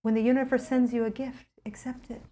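A middle-aged woman casually telling a personal story as a guest, acting out her own past thoughts with lively jumps in pitch. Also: brisk.

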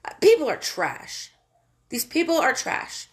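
A woman's voice: high voice, sing-song, unhurried. Woman ranting, profane and exasperated. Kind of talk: casual political rant.

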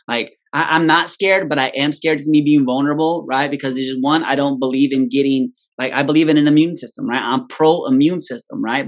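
A man on a podcast telling a long personal story in casual chat. He swears freely, laughs at himself and tags nearly every sentence with "right?". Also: on the high side.

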